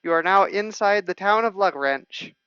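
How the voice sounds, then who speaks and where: A man narrating a tabletop game as game master, halting and full of restarts as he describes scenes. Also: high-pitched, pushed and bright, smooth, dry recording. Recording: dull, lo-fi stream audio.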